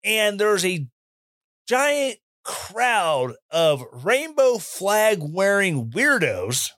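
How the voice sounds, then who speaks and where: A man giving opinion commentary in an animated, sarcastic rant, mimicking people he mocks. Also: sits high, no room sound, clean studio sound. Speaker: commentary host.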